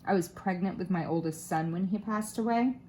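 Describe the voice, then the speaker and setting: A woman's voice: lowish voice, a little fast, mellow, a little hiss or hum. A woman in her thirties or forties with a slight Southern Florida twang, chatting casually while she crafts, rambling and self-deprecating with lots of fillers. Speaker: crafting vlogger.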